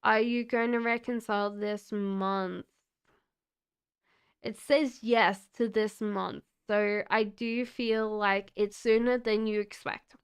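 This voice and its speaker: A woman doing live-stream tarot readings, talking to chat viewers in a relaxed, chatty and reassuring way. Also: medium pitch, slow, clear, resonant tone. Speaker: tarot reader.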